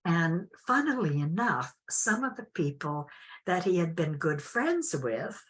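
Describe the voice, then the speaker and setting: An older woman telling a personal story as an interview guest, unhurried and reflective with frequent restarts. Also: lowish voice, very animated.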